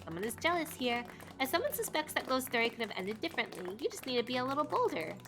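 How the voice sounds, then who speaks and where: A woman doing a sly young nurse with a put-on British accent, higher and bouncing around in pitch, quick lines over soft game music. reads like a streamer voicing a character in a story game. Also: big pitch swings. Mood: teasing. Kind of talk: reading game dialogue aloud.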